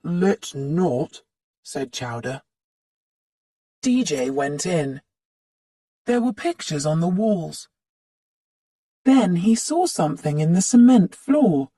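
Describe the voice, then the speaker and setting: Slow, animated storybook narrator. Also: medium pitch, slightly rough, dry recording, clean studio sound. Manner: animated read-aloud, acts out the characters' lines. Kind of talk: slow storytelling for English learners.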